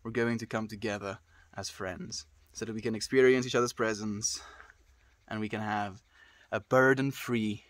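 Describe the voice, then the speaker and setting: A man's voice: lowish voice, fairly even intonation, normal speed, no room sound. Chill guy streamer reading chat, says dude a lot, dead dry room. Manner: laid-back, calls people dude and friend. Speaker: livestreamer. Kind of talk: casual chat reading viewer messages.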